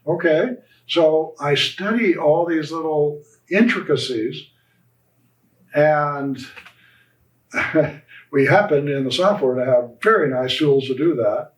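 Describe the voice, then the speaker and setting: A man's voice: a little high, takes it slowly, pauses often. A man who founded an orthodontic practice, answering interview questions in a passionate, rambling way. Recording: roomy echo, distant mic.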